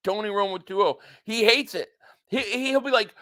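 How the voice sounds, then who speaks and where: High, bright-voiced ranting stream host. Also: male voice, moderate pace. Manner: excitable, blunt, ranting, profane. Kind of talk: live sports reaction stream, reading super chats.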